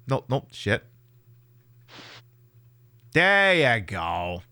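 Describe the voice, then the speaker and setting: A man giving sarcastic, profane commentary as he plays a video game, talking straight at the enemies and weapons on screen. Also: lowish voice. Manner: sarcastic, swears freely, talks to enemies and items. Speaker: streamer playing a video game. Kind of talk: let's-play gameplay commentary. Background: game music.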